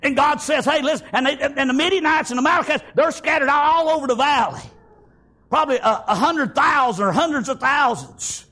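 A man preaching a fervent sermon, peppering his words with "praise God" and "amen" and often breaking into shouts. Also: very high-pitched, a little fast.

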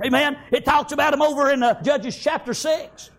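A man preaching a fervent sermon, peppering his words with "praise God" and "amen" and often breaking into shouts. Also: very high-pitched, steady tone, normal speed, hardly any pauses.

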